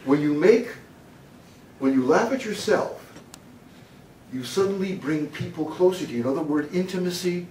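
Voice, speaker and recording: A man's voice: on the high side, lively intonation, moderate pace, pauses often, darkish tone. A man from the United States giving a humorous storytelling talk on humor, playful and laughing at his own story. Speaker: speaker on humor. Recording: echoey hall, distant mic, noisy.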